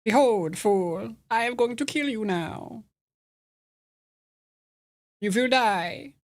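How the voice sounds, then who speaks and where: A theatrical villain gloats and promises doom in a raised, swooping voice, as a man hams it up. The delivery is slow and mock-grandiose, all exaggerated menace. It is playful role-play during an online board game. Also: sits high, expressive, voice pushed up, exaggerated voice. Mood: gloating. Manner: hammy, mock-grandiose threats.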